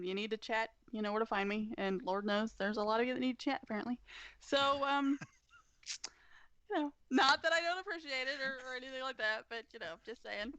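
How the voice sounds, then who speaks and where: A woman's voice: fairly high pitch, fairly bright tone, clean tone, no echo, dull audio. A woman co-hosting a gaming podcast, breezy and self-deprecating with laughing asides. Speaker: podcast co-host. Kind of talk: casual podcast chat.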